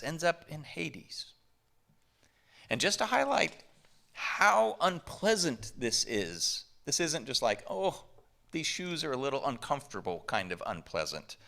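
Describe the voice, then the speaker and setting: Pastor, male, from the southern US, bright lively voice, unhurried conversational sermon. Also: a little high, creaky. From southern United States. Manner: conversational, emphatic preaching with rhetorical questions. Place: church sanctuary.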